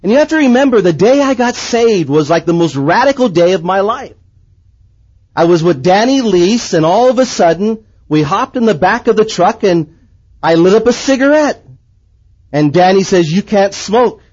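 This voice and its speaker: A man preaching a sermon and telling his own story in a lively way, swinging from excited to hushed. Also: high voice, moderate pace, breathy edge, dull audio. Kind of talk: sermon with personal testimony.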